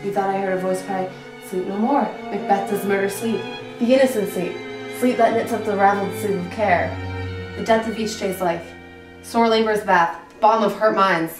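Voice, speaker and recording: A haunted Scottish nobleman, anxious and tormented, declaiming verse intensely, as a woman plays him. The voice rings through a very echoey room with clear music underneath. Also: mid-range voice, fairly even intonation, moderate pace, close to an everyday voice. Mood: shaken. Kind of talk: stage acting of verse drama.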